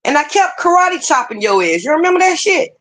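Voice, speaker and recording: A woman's voice: high voice, big pitch swings, a little fast, fairly bright tone. A woman hosting a livestream, ranting casually with heated, profane, repetitive talk. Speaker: livestream host.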